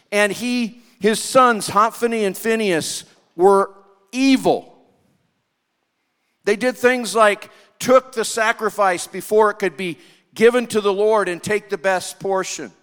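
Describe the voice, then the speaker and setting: Male preacher, high voice, smooth and resonant, long hall reverb. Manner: expressive preaching, acts out quoted lines. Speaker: pastor. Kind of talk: sermon.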